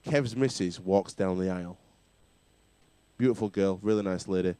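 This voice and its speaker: A man's voice: deep voice, moderate pace, warm tone, clean tone, no echo. A man hosting a casual rugby chat show, bantering and laughing often. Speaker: talk show host.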